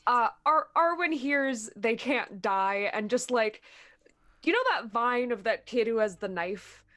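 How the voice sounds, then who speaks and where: A woman's voice: on the high side, unhurried, fairly bright tone. A woman playing in a tabletop game, chatting casually with laughing asides. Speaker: player.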